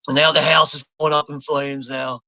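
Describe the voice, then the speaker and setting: A man's voice: on the high side, sharp tone, no echo. An American man hosting a live movie watch party, rambling, swearing a lot and laughing as he reads out chat comments. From United States.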